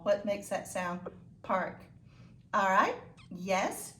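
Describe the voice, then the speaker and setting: A woman teaching a phonics lesson to children, slow and encouraging with sing-song praise. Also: medium pitch, fairly bright tone, a little hiss or hum. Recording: echoey room, voice from a distance.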